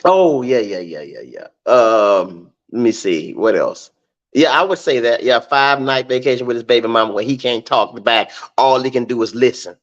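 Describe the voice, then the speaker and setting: A middle-aged man talks easygoing and casual, often stumbling over repeated words as he gathers his thoughts. His voice sits at a middle pitch. The sound is dull and lo-fi. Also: expressive, moderate pace. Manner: easygoing, repeats words while searching for them. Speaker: comedian and podcast guest. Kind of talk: casual chat.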